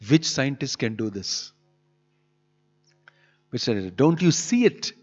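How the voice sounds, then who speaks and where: A man's voice: mid-range voice, sing-song, takes it slowly, soft background music. A man giving an emphatic scripture sermon in a temple hall, pressing his points with rhetorical questions. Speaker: preacher. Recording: dull lo-fi hall recording with long reverb.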